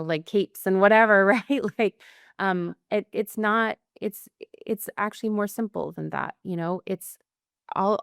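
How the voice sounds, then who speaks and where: Earnest woman with a smooth, low voice. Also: no room sound, clean studio sound. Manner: earnest, speaks in loose rambling phrases with many fillers. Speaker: podcast guest, author. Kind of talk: candid conversational interview.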